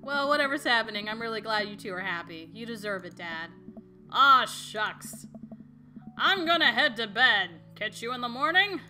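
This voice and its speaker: A woman's voice: on the high side, lively intonation, normal speed, pushed and bright. A woman voicing a sarcastic, teasing teenage daughter with a dry delivery, over faint music. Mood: warm.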